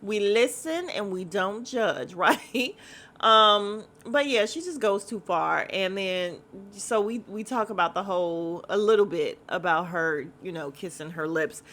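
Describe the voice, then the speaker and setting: A woman's voice: medium pitch, lively intonation, measured pace, a bit bright. A woman hosting a casual podcast, recapping a reality show in a sassy, blunt manner and swearing freely. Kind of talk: casual chat.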